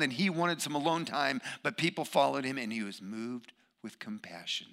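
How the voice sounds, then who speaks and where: A man preaching a sermon, emphatic, swinging between loud bursts and hushed asides. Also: mid-range voice, moderate pace, creaky, few pauses.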